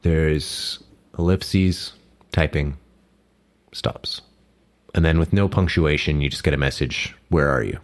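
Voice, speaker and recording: Deep-voiced male game master. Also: steady tone, slow, long pauses. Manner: casual, with filler and self-corrections. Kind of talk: narrating a tabletop game.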